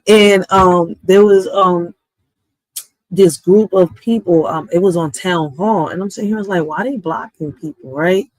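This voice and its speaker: A man's voice: sits high, steady tone, unhurried, long pauses, no room sound, low-quality recording. A man co-hosting a live stream, talking in a blunt, opinionated, conversational way. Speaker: stream co-host. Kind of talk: casual chat. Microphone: streaming mic.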